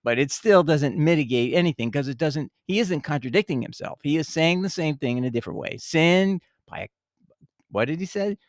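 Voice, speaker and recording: A man's voice: on the high side, animated, normal speed, dry recording, clean studio sound. A man giving impassioned, emphatic commentary on scripture, scolding his listeners and digressing often. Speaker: bible teacher.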